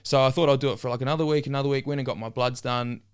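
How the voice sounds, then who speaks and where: A young man from New Zealand, a podcast guest in a relaxed casual chat, often saying "man" and "bro". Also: medium pitch, racing, clean tone. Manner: laid-back, says "man" and "bro" often.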